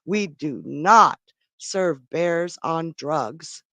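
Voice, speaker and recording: A woman playing a deadpan, apologetic bartender. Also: deep voice, very slow, no echo, full character voice.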